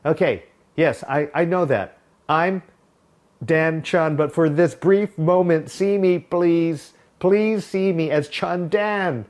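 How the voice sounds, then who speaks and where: A man preaching a sermon as a pastor, telling a personal anecdote in a wry, animated way. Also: a little high, slow. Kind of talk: sermon storytelling.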